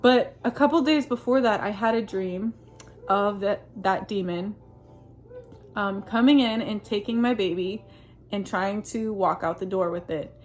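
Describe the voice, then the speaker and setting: A woman talks straight to her audience, earnestly recounting a personal experience in a rambling, unscripted way. Her speech is full of fillers and restarts and leans on Christian religious phrasing. Her voice sits at an ordinary middle pitch. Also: unhurried, a little mellow, faint music behind. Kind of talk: casual storytelling monologue.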